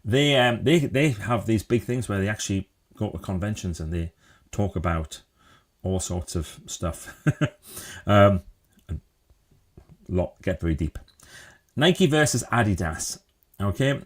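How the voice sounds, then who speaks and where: Middle-aged guy doing a live motivational stream, lowish voice, chatty, keeps asking the viewers stuff. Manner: chatty, asks viewers questions, answers their comments. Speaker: live show host.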